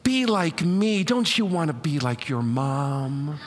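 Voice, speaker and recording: A man's voice: a little high, big pitch swings, slow, in a large hall, slight background noise. A man voicing an exasperated mother pleading with and scolding her grown children, dramatic and coaxing.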